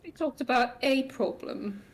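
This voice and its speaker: A woman with a mid-range voice plays in a tabletop role-playing game. She speaks in a formal, measured way. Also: sits high. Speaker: player.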